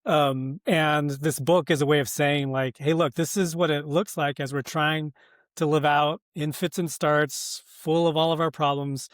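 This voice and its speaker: A man's voice: a little high, fairly even intonation, a little slow, dry recording, studio quality. An American man, a pastor and author, talking earnestly in a podcast interview, thinking aloud with many fillers and restarts. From United States.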